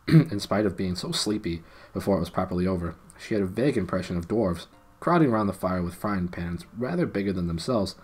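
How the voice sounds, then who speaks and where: A man's voice: low-pitched, husky. A man reading a children's novel aloud on a live stream, with playful self-mocking asides. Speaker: storybook reader and live streamer.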